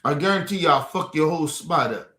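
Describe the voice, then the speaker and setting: A man's voice: on the high side, lively intonation, fairly quick, a bit bright, echoey room. A man ranting at a viewer on a livestream, aggressive and profane. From Baltimore. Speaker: streamer. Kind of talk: livestream rant.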